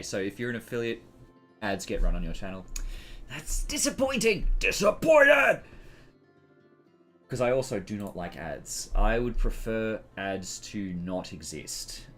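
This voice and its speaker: A man's voice: on the low side, a bit bright. A man hosting a casual live stream, rambling and hesitating with fillers as he reads settings aloud.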